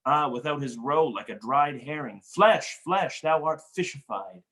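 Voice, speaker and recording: A man reading the part of a witty, mocking young nobleman in a cold read of a stage play over a video call, with playful, animated delivery. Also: fairly high pitch, a little slow. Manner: playful, teasing, animated wordplay.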